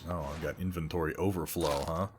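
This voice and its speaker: A man's voice: rumbling low, steady tone, fairly quick, background noise. A man giving casual, sardonic and profane commentary while playing a video game. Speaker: let's play host.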